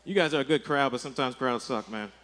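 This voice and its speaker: A man's voice: mid-range voice, fast talker, a bit bright, a little hiss or hum. A male stand-up comedian doing a rambling set on a comedy club stage, speaking into a handheld mic and checking in with "right?" again and again.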